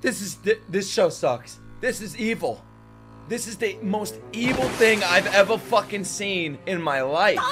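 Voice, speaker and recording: A young man streaming his reaction to an anime, talking casually with loud, excitable outbursts and plenty of swearing. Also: high-pitched, unhurried, faint music behind.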